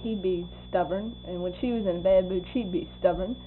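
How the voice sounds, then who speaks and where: A woman's voice: on the low side, brisk. An older woman recalling people in an oral history interview, laughing often and acting out what they said. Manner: laughing, animated storyteller acting out quoted voices. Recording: tinny lo-fi tape with faint hum.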